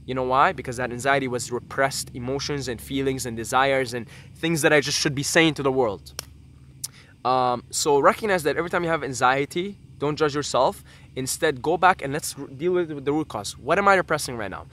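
A man's voice: mid-range voice, brisk, fairly bright tone. A young man talking to his camera in a casual vlog, earnest and rambling, swearing freely and drifting off on tangents. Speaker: YouTuber.

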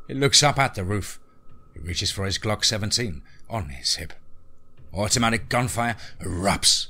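A man's voice: on the low side, expressive, normal speed, sharp tone. A man narrating a scripted horror story in a dramatic, tense present-tense reading.

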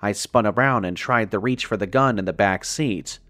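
A man with a lowish voice reads a scary first-person story in a measured, dramatic way and lingers on the gruesome parts. The sound is dry and close, with no room echo. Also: a bit bright. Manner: measured, dramatic reading that slows on grim details. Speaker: horror story narrator. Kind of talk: scripted first-person horror narration.

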